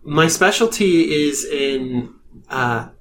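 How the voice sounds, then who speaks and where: A man voicing a calm, scholarly female wizard in a tabletop game. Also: fairly high pitch, takes it slowly, slight background noise. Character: female wizard, a learned transmuter. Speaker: game master.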